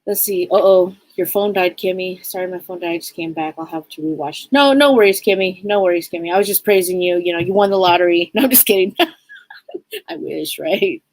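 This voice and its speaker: A woman's voice: lowish voice, brisk, dry recording, poor audio. A woman hosting a casual live stream as a psychic, talking to viewers in an upbeat, rambling way and often repeating her phrases.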